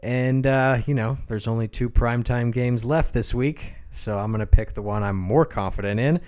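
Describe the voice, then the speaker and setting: A man's voice: medium pitch, normal speed, darkish tone. A man co-hosting a podcast, chatting casually about football picks in a teasing, joking way. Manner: teasing, chatty, laughs often. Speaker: podcast co-host. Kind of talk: casual sports chat.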